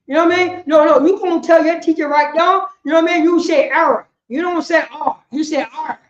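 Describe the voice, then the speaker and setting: High-pitched woman running a class, roomy, muffled recording. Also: fairly even intonation, normal speed. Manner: keeps asking "you know what I'm saying?". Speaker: class leader. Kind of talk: informal group lesson, questioning the class. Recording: echoey room, dull muffled sound.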